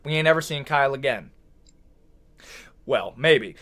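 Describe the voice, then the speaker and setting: Animated high-voiced young American guy. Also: moderate pace. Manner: animated, joking, rants with slang like "brother, what?". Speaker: video commentator. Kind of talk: casual ranking commentary.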